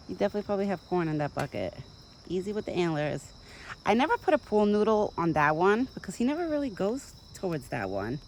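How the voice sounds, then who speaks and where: A young woman talks casually into her phone outdoors, rambling from one small thing to the next and cooing now and then at a deer. Her voice sits at a middle pitch. Faint crickets and insects hum in the country air around her. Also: sing-song, fast talker, a little mellow, low-quality recording. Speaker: vlogger feeding a backyard deer. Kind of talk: casual chat to camera. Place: outdoors in a rural yard. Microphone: phone camera. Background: insects and countryside ambience.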